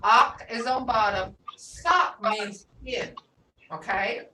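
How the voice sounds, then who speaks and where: An older woman teaching a language class in an unhurried, storytelling way, often breaking into laughter. She is heard from some distance in an echoey room, with a faint hiss underneath. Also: a little high, sharp tone.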